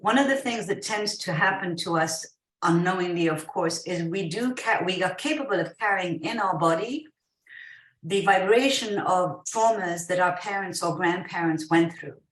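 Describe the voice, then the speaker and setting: A woman guest talks through healing ideas in a measured, reassuring way. She sits back from the microphone, and her voice rings in a roomy space. The tone stays calm and explanatory. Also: lowish voice. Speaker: guest medical intuitive. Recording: roomy, distant from the mic.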